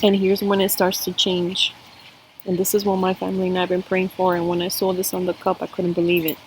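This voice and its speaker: A woman's voice: on the low side, completely flat delivery, a little fast, a little hiss or hum, poor audio. A woman giving a spiritual cup reading to camera, earnest and emotional, talking straight to her viewers. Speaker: tarot and coffee-cup reader.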